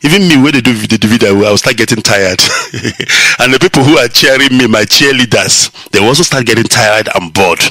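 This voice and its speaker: A man's voice: mid-range voice, brisk, sharp tone, dry recording. A man with a Nigerian accent, hosting a radio broadcast and delivering an impassioned, preachy monologue, mocking his listeners and laughing at his own jokes.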